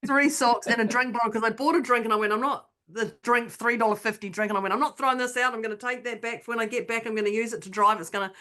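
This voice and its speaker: A woman's voice: a little high, quick pace, hardly any pauses. A woman, co-hosting a podcast and telling a personal story in casual chat, acting out what she and others said. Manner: animated storyteller, acts out her own quotes. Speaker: podcast co-host.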